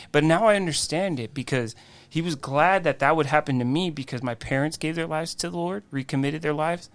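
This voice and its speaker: A man, a guest on a faith podcast, telling his life story in an animated way, acting out quoted dialogue. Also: fairly high pitch, a little fast, no echo. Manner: frequent restarts and "I'm like" quoting.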